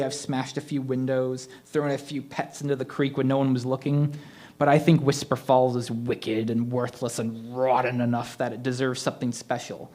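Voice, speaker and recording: A man with a medium-pitched, slightly mellow, natural voice reads a story aloud. He voices a vengeful male ghost who possesses a middle-aged man, giving it a mocking, theatrical menace.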